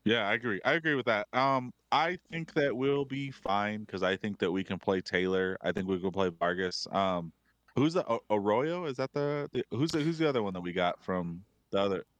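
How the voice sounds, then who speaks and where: A man's voice: fairly low pitch, normal speed, a bit bright, no room sound. A man co-hosting a casual sports podcast, talking hesitantly and often restarting his sentences. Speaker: podcast co-host.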